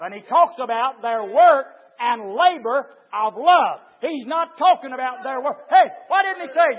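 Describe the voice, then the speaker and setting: A man preaching a revival sermon, swinging from hushed talk to shouted exclamations. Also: very high voice, moderate pace, hardly any pauses. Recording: dull lo-fi sound.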